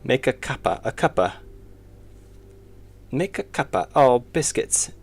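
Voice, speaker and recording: A man's voice: medium pitch, big pitch swings, measured pace, vocal fry, husky, voice pushed up, full character voice. A man playfully voicing a stereotyped British man who goes on about tea and biscuits. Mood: teasing. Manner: playful mock accent.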